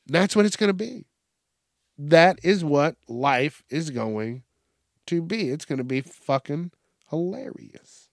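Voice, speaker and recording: A young man rants on his solo podcast, blunt and full of swearing. His voice sits a little high. The sound is close and dry. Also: lively intonation, slow pace, gravelly, dry recording. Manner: blunt, heavily profane. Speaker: podcast host. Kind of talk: casual solo rant.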